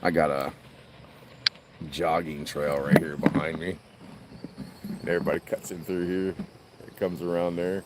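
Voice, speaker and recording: A man's voice: low voice, far from the mic, heavy background noise. A middle-aged man chatting on a phone livestream by a lake, rambling and laughing as he tells stories. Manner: laughs a lot, rambling storyteller. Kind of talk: casual live-stream chat. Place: outdoors by a lake.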